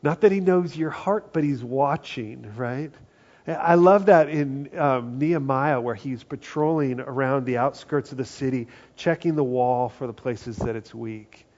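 A man preaching a conversational sermon, acting out quoted voices and often dropping to a hushed tone. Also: mid-range voice, unhurried. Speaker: pastor. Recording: dull lo-fi sound.

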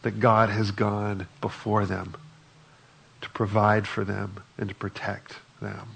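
A man's voice: on the low side, little pitch movement, takes it slowly, creaky, a bit bright, a little hiss or hum. A man preaching a sermon in a conversational way, reading scripture aloud between his own remarks. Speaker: pastor.

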